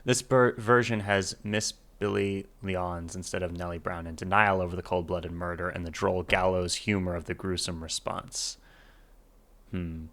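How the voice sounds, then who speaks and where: Deep-voiced man reacting to a song. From United States. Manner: reads notes aloud, trails off quietly, chuckles. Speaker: music reaction host. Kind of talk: casual reaction commentary reading annotations.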